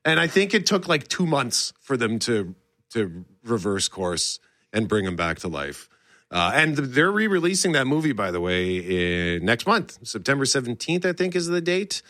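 A man's voice: mid-range voice, big pitch swings, normal speed, a bit bright, no room sound, studio quality. A male host chatting casually about pop culture, enthusiastic and rambling, often restarting his sentences. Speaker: show host. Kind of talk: casual entertainment talk.

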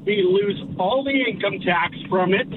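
A man's voice: high-pitched, measured pace. A man calling in to a radio show, emphatic and indignant. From Canada. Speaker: caller. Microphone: phone. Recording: tinny phone line with road noise.

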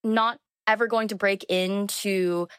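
A woman's voice: mid-range voice, steady tone, slow pace, a bit bright, clean tone, no room sound, studio quality. A young woman in her twenties, a journalist guest, chatting freely with many fillers and "like"s. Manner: chatty, lots of filler words and "like". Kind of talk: conversational interview.

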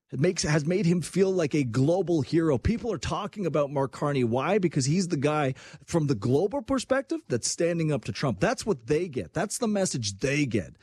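A young man giving an impassioned, animated opinion rant, talking about his country as if from there, with mocking asides. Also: fairly high pitch, slightly rough, dry recording, clean studio sound. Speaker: political commentator. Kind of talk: opinionated political talk.

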